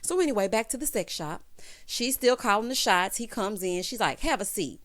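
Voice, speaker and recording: A woman giving a sassy, animated recap of a TV episode, calling listeners honey and child. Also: fairly high pitch, fairly quick. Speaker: TV recap host. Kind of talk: casual recap commentary.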